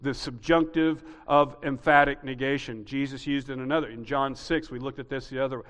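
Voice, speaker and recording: A man preaching a sermon as pastor, teaching patiently and building to loud, emphatic peaks. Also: medium pitch, moderate pace, hardly any pauses, in a large hall. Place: church sanctuary.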